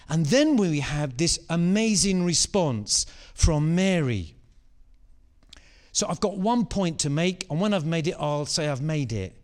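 Male preacher, high voice, unhurried delivery, animated and repetitive. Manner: animated, repeats phrases for emphasis. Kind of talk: sermon.

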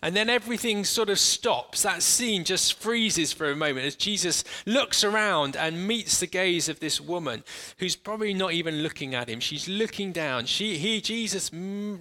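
A man preaching a sermon and leading listeners through a guided imagination exercise, earnest and halting, with frequent restarts, slowing and softening for the imagery. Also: high-pitched.

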